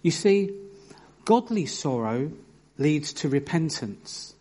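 A man preaching a sermon, telling stories with earnest emphasis and reading scripture aloud in a measured way. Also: on the high side, big pitch swings, mellow. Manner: earnest storytelling with bursts of emphasis.

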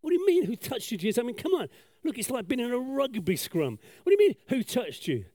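A man voicing an exasperated male disciple who protests in a much higher voice than his own. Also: huge pitch swings, quick pace, mellow, no echo, studio quality, exaggerated voice. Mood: incredulous. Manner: incredulous, protesting.

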